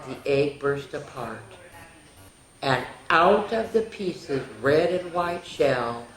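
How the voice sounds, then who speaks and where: A middle-aged woman reading a picture book aloud to children in an expressive, sing-song way with chatty asides, in an echoey room. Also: sits low. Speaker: children's storyteller.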